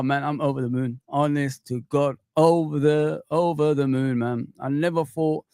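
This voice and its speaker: A man's voice: a little high, no room sound, clean studio sound. A young adult man hosting a fan live stream, hyped and exclamatory, repeating words for emphasis. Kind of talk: excited live-stream chat.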